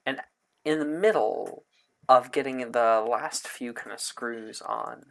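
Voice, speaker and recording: Slow, halting man running a tabletop game. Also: medium pitch, creaky. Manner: slow, halting narration with many fillers and laughs. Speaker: game master.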